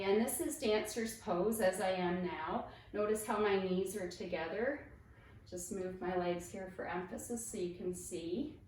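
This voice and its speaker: A woman fitness instructor guiding a yoga class with calm, encouraging step-by-step cues. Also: medium pitch, distant mic. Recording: echoey room, voice off-mic.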